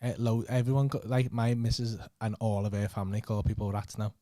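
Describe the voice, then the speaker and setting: A man's voice: lowish voice, little pitch movement, a little fast, dark tone, dry recording, clean studio sound. A man with a Scouse accent, hosting a casual podcast chat and teasing his guest with plenty of swearing and laughter. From Liverpool. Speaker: podcast host.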